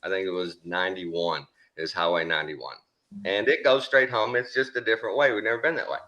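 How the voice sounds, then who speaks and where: A middle-aged man with a Texan accent telling a story in a casual, animated drawl, swearing freely. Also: low voice, brisk, muffled recording. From Texas.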